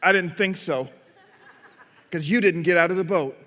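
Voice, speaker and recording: A man's voice: high-pitched, moderate pace, bright, forceful tone, long reverb tail. Cocky fed-up fisherman, as a preacher plays him. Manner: cocky, retorting. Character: fed-up fisherman turning the tables on teasers.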